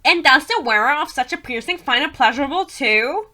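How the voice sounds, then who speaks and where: A woman's voice: high-pitched, lively intonation, a little fast, pushed and bright, pitched above the performer's own voice. A woman voicing a curious young female heroine from a fantasy romance, reading her lines in a raised, incredulous tone.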